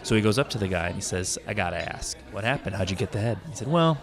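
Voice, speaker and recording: A man's voice: fairly low pitch, lively intonation, quick pace, vocal fry. A man telling a long joke in a rambling, conversational way. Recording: music playing behind.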